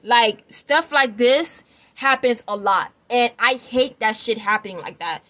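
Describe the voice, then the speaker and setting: This vlogger speaks in a fairly high, slightly slow voice that sounds pushed and bright. Her opinion commentary wanders and lands hard on its points, with frequent checks that viewers are keeping up.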